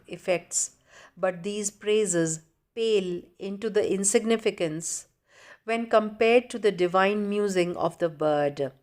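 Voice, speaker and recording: A woman's voice: mid-range voice, a little mellow. A woman giving a college poetry lecture, reading a poem closely and explaining words and meter. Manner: explains English lines, then glosses them in Hindi.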